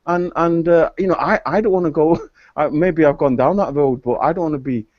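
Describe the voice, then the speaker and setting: A man's voice: fairly high pitch, fairly quick, dry recording. A man in a casual group chat, opinionated and hesitant, often repeating his words. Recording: dull lo-fi online call audio.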